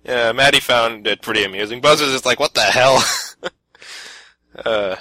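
A man's voice: mid-range voice, unhurried, bright, forceful tone, dry recording, low-quality recording. A man hosting a casual podcast, easygoing and laughing often as he reads out listener submissions. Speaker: podcast host.

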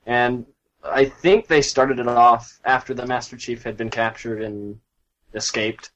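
A man's voice: medium pitch, steady tone, measured pace, fairly bright tone, low-quality recording. A man co-hosting a casual gaming podcast, talking with gushing enthusiasm and plenty of hesitant fillers.

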